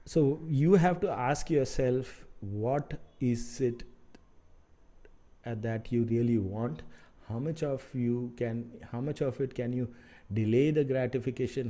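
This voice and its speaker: Mellow-voiced Indian English mentor, rambling. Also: male voice, mid-range voice. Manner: rambling, halting with fillers, frank and mildly sarcastic. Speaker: architect mentor. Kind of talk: advice talk to camera.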